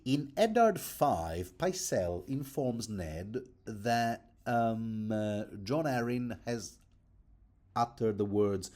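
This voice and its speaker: A man's voice: medium pitch, big pitch swings, slow pace, mellow. Rambling, chatty male book commentator. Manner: digressive, chatty, self-mocking.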